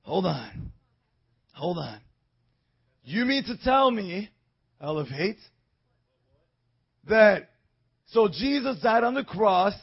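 A man preaching an evangelistic sermon, telling a story in low tones and then breaking into shouted praise. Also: breathy edge, muffled recording.

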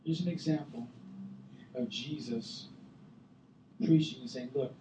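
A man preaching a sermon as a youth pastor, animated, bursting into loud acted-out voices. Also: mid-range voice, a little slow, noisy background. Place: church sanctuary. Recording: echoey room, voice from far off the mic.

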